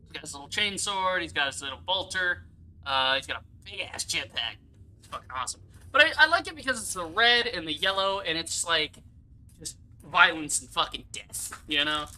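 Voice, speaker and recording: Male streamer, very bright forceful tone, loose rambly chat full of swearing. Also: fairly high pitch, animated, normal speed. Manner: rambling, chatty, swears a lot; enthusiastic about collectibles. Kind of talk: casual livestream chat.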